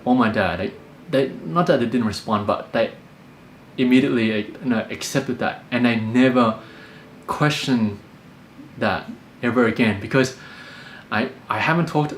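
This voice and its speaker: A young Australian man calmly telling a personal story, full of fillers and restarts. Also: medium pitch, a little hiss or hum. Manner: calm, many fillers and restarts. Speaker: podcast host. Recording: echoey room with faint music.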